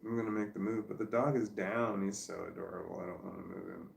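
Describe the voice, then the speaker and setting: A man's voice: fairly low pitch, fairly even intonation, fast talker, creaky, roomy sound, a little hiss or hum. A tired man in a casual vlog, rambling and arguing with himself at home. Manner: talks to himself, argues with himself, laughs and sighs. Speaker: vlogger. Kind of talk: rambling self-talk vlog. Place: at home on a couch with his dog.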